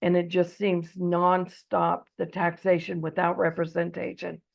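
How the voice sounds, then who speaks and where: A woman from Eastern Oregon delivers an earnest debate speech over a muffled video call, peppered with ums. Her voice is low and gravelly, and she is losing it. She speaks in an even, flat tone. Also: a little slow.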